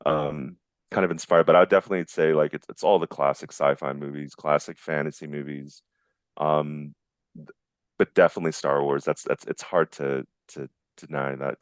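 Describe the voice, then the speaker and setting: A man's voice: a bass voice, clean tone, no room sound, studio quality. A man in his forties talking casually as an interview guest, enthusiastic and rambling, often restarting his sentences. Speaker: guest, visual effects artist.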